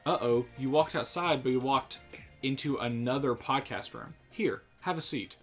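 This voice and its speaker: A man with an even, middle-pitched voice sets up absurd improv scenes on a comedy podcast in a deadpan way. Guitar music runs behind him. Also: normal speed. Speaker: podcast host.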